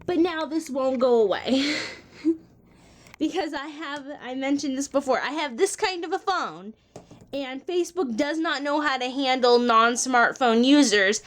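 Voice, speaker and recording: A woman's voice: high voice, measured pace. A woman in her twenties talking casually to the camera in a vlog, chatty and exasperated, laughing between lines. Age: 20s. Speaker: vlogger.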